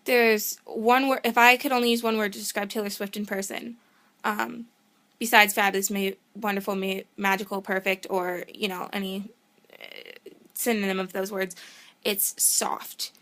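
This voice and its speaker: A young woman telling a story in a casual vlog, excitable and rambling, often cutting herself off to start over. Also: medium pitch, normal speed. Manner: excitable, rambling, self-interrupting; gushing fan enthusiasm. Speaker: vlogger.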